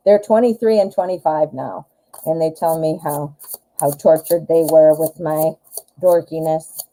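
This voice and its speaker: Forties woman, Midwestern American accent, low and warm-toned, self-deprecating live tarot host. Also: unhurried, pauses often, a little hiss or hum, rough recording. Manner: chatty, rambling, self-deprecating. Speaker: tarot reader. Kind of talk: live-stream tarot reading.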